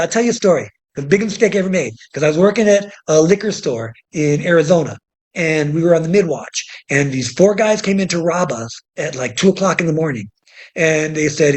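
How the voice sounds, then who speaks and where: A man guesting on an interview, spinning animated stories about violence and survival. His voice sits high and he talks fast. He is blunt and swears freely. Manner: animated, profane storyteller. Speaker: self-defense instructor, guest. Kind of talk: storytelling in an interview.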